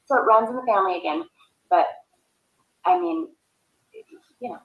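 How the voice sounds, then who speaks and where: A woman recalling family events in a recorded interview, speaking haltingly. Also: fairly high pitch, very animated, narrow, tinny audio. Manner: halting, hesitant recollection. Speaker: interviewee, sister of the subject. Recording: echoey room.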